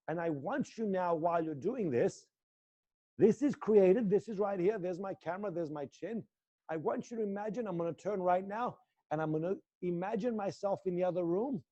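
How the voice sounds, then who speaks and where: A male acting teacher guiding students through an intense exercise, swinging between low muttered lines and loud coaching. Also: lo-fi sound. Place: indoor room.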